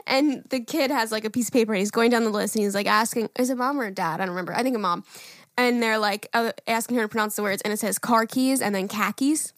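Young female podcast co-host, gushing and giggly, high-pitched. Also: quick pace, fairly bright tone, no echo, studio quality. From Long Island, New York. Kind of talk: casual chat.

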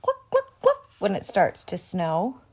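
Storybook mother hen, high and clucky, protective of her eggs, read by a woman. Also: huge pitch swings, measured pace, darkish tone, slightly rough, exaggerated voice.

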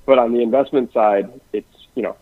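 A man who works in investments at a family office, talking quickly and densely in a podcast conversation, with frequent restarts. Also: mid-range voice, fairly even intonation, dry recording. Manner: rapid-fire, dense talker with many restarts. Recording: dry, phone-like lo-fi sound.

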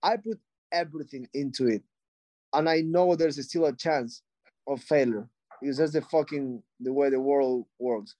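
A man's voice: medium pitch, moderate pace, warm tone, no room sound. A young adult man, a fighter being interviewed, speaking bluntly with lots of swearing and fillers. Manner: blunt and profane, frequent "like" and "you know". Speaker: fighter guest. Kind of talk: casual interview talk.

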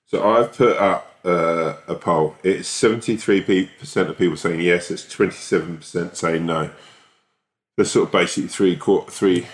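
Low-voiced, playful man. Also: moderate pace. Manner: playful, laughs often, teasing. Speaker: podcast co-host. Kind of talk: casual chat.

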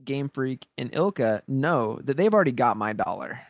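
Excited rambling man on a podcast. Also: mid-range voice, normal speed, dry recording, clean studio sound. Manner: excited rambling with many restarts. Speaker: podcast co-host. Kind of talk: casual podcast chat.

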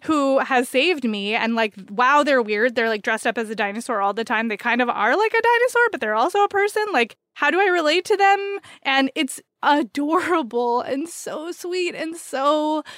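This woman co-hosts a podcast and talks excitedly and casually about books she recommends, leaning heavily on "like" as a filler. Her voice is high-pitched and her speed normal, with hardly any pauses, and the studio sound is clean, with no room sound.

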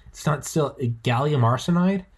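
A man in his thirties hosting a casual podcast chat, talking excitedly and profanely, stumbling over repeated words as he rambles. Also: a little high, normal speed, breathy edge.

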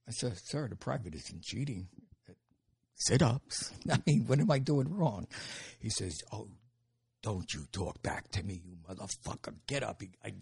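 An older man telling stories as an interview guest, animated and laughing, with casual swearing. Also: lowish voice, creaky, slightly rough. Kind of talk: storytelling in an interview.

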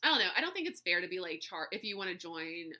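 A woman hosts a casual solo podcast, chatting warmly and at length to her listeners and laughing often as she goes. Her voice sits on the low side for a woman, yet comes across as strikingly bright and forceful. She slips in friendly slang like y'all as she talks. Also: big pitch swings, quick pace. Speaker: podcast host.

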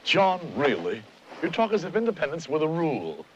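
A witty, unflappable elder statesman, teasing with dry humor as his pitch swings widely. The sound is dull and slightly muffled. It is a film clip with faint ambience behind him. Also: wildly swooping pitch, fairly quick, slight background noise. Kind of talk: musical film acting.

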